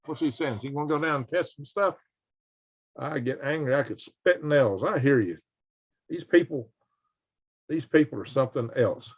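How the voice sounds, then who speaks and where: A man's voice: a little high, normal speed, pauses often, husky. A man, hosting a casual live stream in a folksy, exclaiming way and chatting with viewers. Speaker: host. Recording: dull lo-fi sound.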